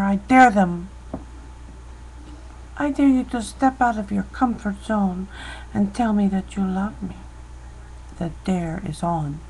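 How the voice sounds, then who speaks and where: A woman's voice: mid-range voice, a bit bright, slight background noise, rough recording. An American woman chatting to her webcam in a rambling, self-deprecating way, speaking straight to the viewer. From United States. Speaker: vlogger. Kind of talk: casual chatty monologue to a webcam. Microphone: built-in webcam mic.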